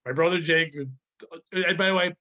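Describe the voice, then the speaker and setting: High, bright-voiced profane podcast host. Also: male voice, fast. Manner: profane, animated, ranting. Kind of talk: casual comedic podcast chat, ad read.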